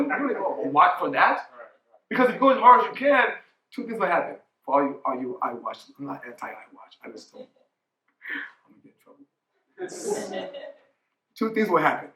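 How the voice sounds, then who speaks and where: A man's voice: high-pitched, sharp tone, echoey room. A man in his forties giving a motivational keynote talk as a coach, emphatic, often asking "right?". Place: conference hall.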